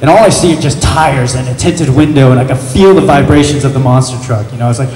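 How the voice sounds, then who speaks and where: A man telling a comic story to a live audience as a panel guest, animated and drawing out dramatic pauses. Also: medium pitch, recorded from a distance. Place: large event hall with an audience. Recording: roomy hall echo, voice off-mic, faint noise.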